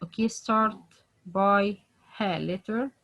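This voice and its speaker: Slow-speaking woman teaching pronunciation. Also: medium pitch, fairly even intonation, a bit bright, muffled recording. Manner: hesitant, many fillers, repeats example words. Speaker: Quran tajweed teacher. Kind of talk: online pronunciation lesson.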